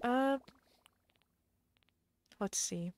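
Slow, chatty woman streamer thinking aloud. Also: on the high side, a little hiss or hum. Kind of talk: casual live game stream chat.

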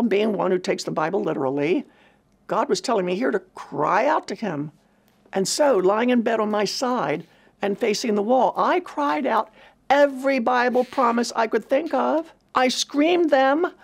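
Gravelly, husky woman telling her story. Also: a little high, lively intonation, moderate pace. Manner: earnest, reflective storytelling. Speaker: speaker at a women's ministry event. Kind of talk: personal testimony talk.

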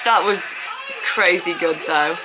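A woman giving an excited, casual reaction commentary as a dance vlogger, gushing, gasping and exclaiming as she watches. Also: on the low side, takes it slowly, crowd noise, background noise. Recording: music playing loudly behind her.

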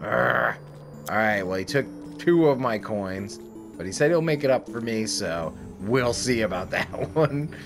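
A man's voice: fairly low pitch, lively intonation, normal speed. A man giving casual, joking gameplay commentary, swearing freely and laughing at himself. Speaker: let's play gamer. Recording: game music playing under the voice.

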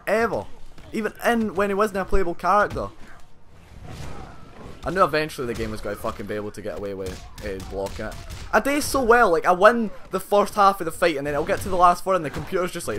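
A man's voice: high-pitched, sing-song, quick pace, a bit bright. A young man doing let's play commentary over a fighting game, swearing a lot and breaking into frustrated outbursts. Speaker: gaming channel host.

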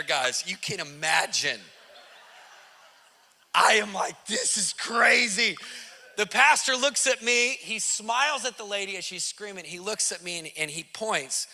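A man preaching through a personal story in casual slang, acting out the voices of the people in it and repeating lines for emphasis. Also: high-pitched. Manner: excited, acts out quoted voices, repeats phrases for emphasis; casual slang, addresses listeners directly. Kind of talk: animated testimony storytelling.

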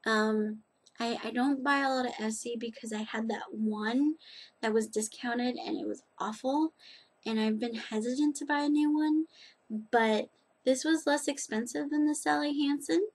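A woman's voice: on the high side, measured pace. A woman chatting casually in a rambling, self-deprecating way as she reviews nail polish on her vlog.

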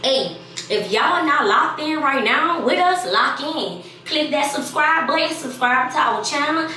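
A young woman speaks, brash and rambling as she hypes her viewers. Her voice is bright and pushed, a little higher than usual. She sits back from the camera in a bare room that echoes loudly. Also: far from the mic, slight background noise. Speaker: vlogger pranking her boyfriend. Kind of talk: casual prank vlog talk. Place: home room. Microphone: camera set up in the room.

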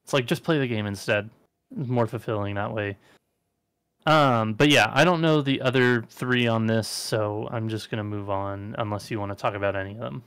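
A man's voice: fairly low pitch, moderate pace, fairly bright tone, clear, resonant tone, dry recording. A man co-hosting a casual chat podcast, talking in an offhand, wry way and swearing casually. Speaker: podcast co-host.

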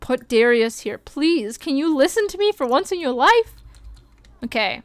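A young woman streaming a game, chatting excitably and gasping as she plays. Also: high-pitched, moderate pace, no room sound. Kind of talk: casual gameplay commentary.

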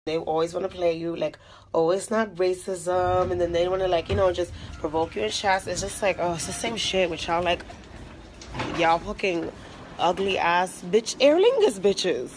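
A woman's voice: on the low side, normal speed. A woman on tour venting angrily into her phone at an airport, swearing hard and stringing together filler words. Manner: profane, ranting, heavy filler words. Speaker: recording artist on tour. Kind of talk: angry venting selfie monologue. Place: airport terminal. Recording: noisy phone recording with vehicle sounds.

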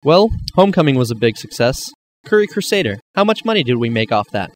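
A man's voice: medium pitch, big pitch swings, lightly acted. A teen boy playing a hot-headed superhero leader. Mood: bossy. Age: late teens. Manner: bossy, quick to anger. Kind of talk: amateur comedy sketch.

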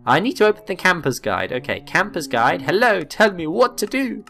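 A man giving gameplay commentary, excitable, swearing and exclaiming often. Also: high voice, moderate pace, faint music behind. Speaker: let's play gamer.

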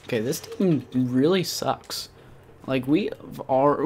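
Male gamer narrating his own matches; rambling delivery full of ums and likes, with sudden excited spikes. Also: medium pitch, slow pace, slightly rough. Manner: rambling with many fillers, bursts of excitement. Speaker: gaming channel host. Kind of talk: casual gameplay commentary.

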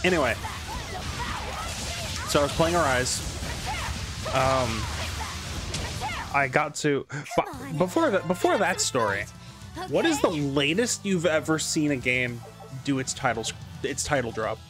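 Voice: mid-range voice, animated, a little slow, pauses often. Chatty stream co-host with game music. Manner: chatty and inquisitive, laughs often. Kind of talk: casual chat over gameplay.

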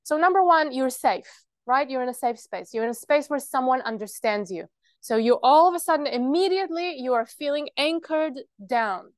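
A woman presenting a workshop in a fairly high voice, explaining things earnestly and stopping to check that her listeners follow. Her sound is close and dry, with almost no room in it. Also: animated, moderate pace, no echo. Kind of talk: practical workshop talk.

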